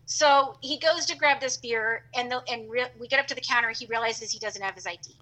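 A woman telling a funny travel story as a podcast guest, chatty and animated with lots of fillers. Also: fairly high pitch, fairly quick, rough recording. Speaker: podcast guest and co-host of her own show. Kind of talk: casual storytelling.

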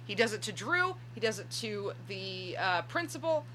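A woman's voice: medium pitch, sing-song, moderate pace, pushed and bright, a little hiss or hum, rough recording. A woman in a casual movie discussion who keeps pressing her argument over the others.

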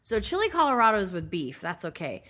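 A woman's voice: mid-range voice, wildly swooping pitch, fast, fairly bright tone. A woman co-hosting a podcast in casual chat, blunt and swearing freely. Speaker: podcast co-host.

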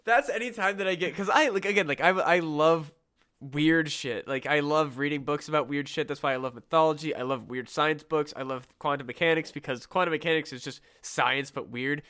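A man's voice: on the high side, a little fast, bright, forceful tone, clean tone. A man co-hosting a casual comedy podcast, swearing freely, laughing often and acting out his own reactions. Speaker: podcast co-host.

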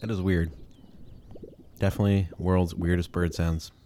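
A man's voice: low-pitched, little pitch movement, moderate pace, dark tone, a little hiss or hum. A man giving casual reaction commentary on bird sounds, joking, exclaiming and swearing.

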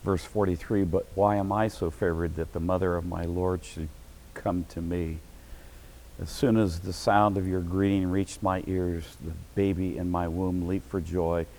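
A middle-aged man preaching a sermon as pastor, breaking into sudden shouted bursts of excitement. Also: deep voice, unhurried, slight background noise, rough recording.

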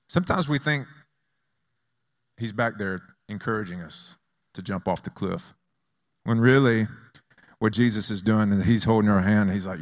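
Male pastor, lower register, animated call-and-response sermon delivery. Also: normal speed, long pauses. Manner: lively, conversational preaching with call-and-response.

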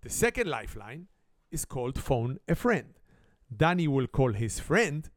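Brief: middle-aged Israeli man hosting a family game, Hebrew native speaking shaky English, mid-pitched voice, dry close sound. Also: measured pace, no room sound. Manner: broken English grammar, animated comic storytelling. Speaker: family game show host. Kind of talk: playful storytelling and game hosting.

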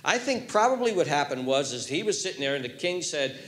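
Animated male preacher in an echoey room. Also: sits high, normal speed, hardly any pauses. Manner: animated storytelling, swings from hushed to loud. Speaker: pastor. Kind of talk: sermon.

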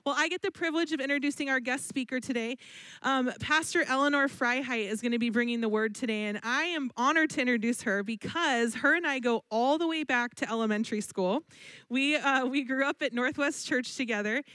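A woman's voice: high-pitched, a little fast, dry recording. Earnest woman introducing a guest pastor. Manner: warm, earnest and affectionate. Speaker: church leader introducing the guest. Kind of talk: church announcements and introduction.

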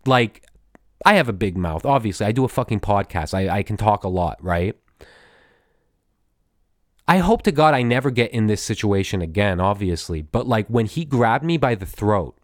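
A man's voice: fairly low pitch, no echo, clean studio sound. A man hosting a podcast, telling a story in a loose, profane way with many fillers and restarts. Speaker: podcast host. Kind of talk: casual storytelling monologue.

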